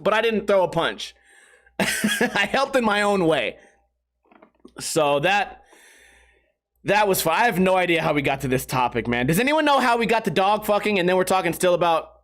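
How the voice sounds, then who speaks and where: A man in his thirties, a vlog host, telling rambling stories in a slangy, swearing, casual way, laughing often and losing his train of thought. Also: high-pitched. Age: 30s. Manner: slangy and animated when retelling stories.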